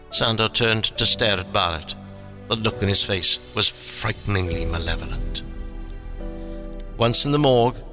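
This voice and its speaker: A man narrating an audiobook story in a steady, even manner, with soft music underneath. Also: on the low side.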